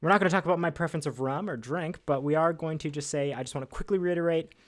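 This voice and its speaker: A man's voice: a little high, fast. A man hosting a casual livestream trivia from behind a desk, chatty and upbeat with lots of fillers and self-deprecating asides. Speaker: livestream host. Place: at a desk indoors.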